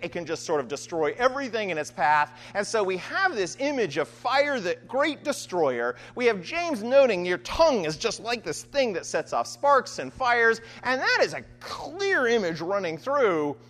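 A man preaching a sermon and reading scripture aloud, talking in an animated way with frequent "right?" asides. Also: high-pitched.

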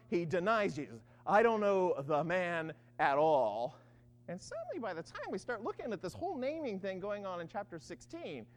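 A Bible teacher giving an animated study talk, often checking in with listeners and acting out the quoted lines. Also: medium pitch, in a large hall.

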